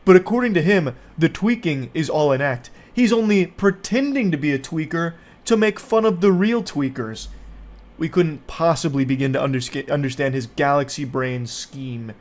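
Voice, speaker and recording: A man with a somewhat high voice reads text messages aloud and comments on them. His delivery is sarcastic and incredulous, with plenty of profanity. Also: normal speed, darkish tone. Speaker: online commentator.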